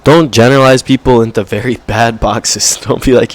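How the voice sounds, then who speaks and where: A young male vlogger rambles at the camera in a profane rant, saying "bro" a lot and mocking people by quoting them in a higher, put-on voice. His tone is steady, his speed normal, and he pauses little.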